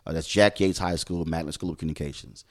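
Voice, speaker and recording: His voice is extremely low and steady in tone, and he talks fast. This middle-aged man from Houston, Texas, a journalist and show host, is a podcast guest who tells his career stories emphatically and conversationally, acting out the quoted dialogue.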